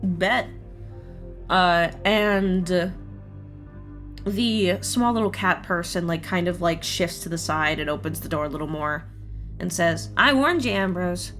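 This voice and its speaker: A woman's voice: fairly low pitch, fairly even intonation, measured pace, pauses often, fairly bright tone, faint music behind. A woman narrating a tabletop game as game master, describing scenes in a casual, filler-heavy way.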